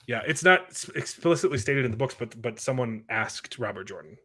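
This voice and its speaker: A man's voice: mid-range voice, lively intonation, a little fast, pushed and bright. Guy hosting a chat show, sarcastic and dismissive, middle voice, mocks stuff. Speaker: show host. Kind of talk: casual chat reviewing a TV show.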